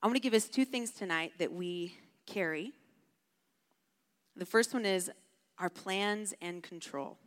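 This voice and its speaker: A woman's voice: mid-range voice, measured pace, pauses often. Brief: woman camp speaker, casual chatty sermon, long hall reverb. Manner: casual, chatty, heavy use of "like". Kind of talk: storytelling sermon.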